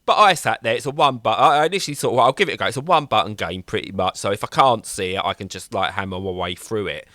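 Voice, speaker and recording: A man's voice: lowish voice, fast, few pauses, sharp tone, no echo, studio quality. A man co-hosting a podcast, talking casually and enthusiastically with many fillers and restarts. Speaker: podcast co-host. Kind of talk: casual chat.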